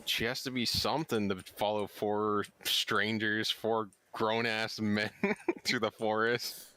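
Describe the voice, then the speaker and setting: A man in a casual tabletop session, talking slowly in a lowish voice with a bright, forceful tone. He cracks crude jokes and laughs often. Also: little pitch movement. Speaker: player. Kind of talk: casual tabletop play over voice chat.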